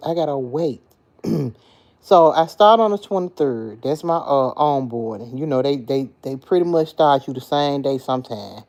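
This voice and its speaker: A woman hosting a casual livestream, talking freely and playfully with her viewers and answering their comments by name. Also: extremely low pitch. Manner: talkative, animated, playful. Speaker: livestream host chatting with viewers.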